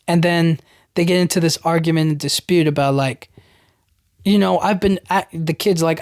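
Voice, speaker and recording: A man's voice: on the high side, fairly even intonation, normal speed, a little mellow, no room sound, clean studio sound. A young man hosting a podcast, recapping a film in a loose, rambling way, full of "like" and "you know what I mean". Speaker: podcast host.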